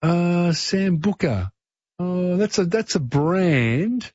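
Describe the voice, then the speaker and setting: Chatty radio quiz host. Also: male voice, high voice, lively intonation, slow pace, a little mellow, dry recording, lo-fi sound. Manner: chatty, encouraging, prompts callers with hints.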